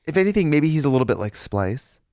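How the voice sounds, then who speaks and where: A man's voice: a little high, sing-song, quick pace, a little mellow, dry recording, clean studio sound. A man co-hosting a podcast in casual chat, rambling and slipping into mimicking voices. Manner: rambling, puts on mimicking voices in quoted bits. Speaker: podcast co-host.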